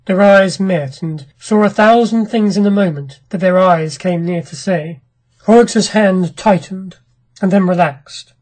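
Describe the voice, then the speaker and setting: A storyteller reads a classic short story with measured, dramatic pacing. The voice is husky and mid-pitched. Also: darkish tone, low-quality recording. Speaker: narrator of classic short stories. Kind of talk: scripted audiobook narration.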